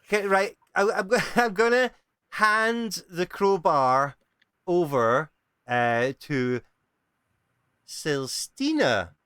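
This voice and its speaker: Hesitant tabletop player with a smooth voice, dry close sound. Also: mid-range voice, slow pace, long pauses, fairly bright tone, dry recording. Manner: hesitant, stumbling over words. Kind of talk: casual game chat.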